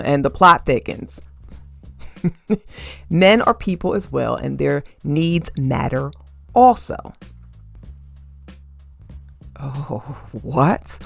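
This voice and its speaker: A woman's voice: sits low, lively intonation, takes it slowly, gravelly, dry recording, soft background music. A woman hosting her own podcast, delivering a sassy, emphatic commentary monologue with frequent laughter and casual swearing. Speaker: podcast host.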